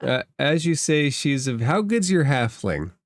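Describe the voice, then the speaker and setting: A man narrating a tabletop game as game master, slow and deliberate. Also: on the high side, sing-song, no room sound, clean studio sound, faint music behind.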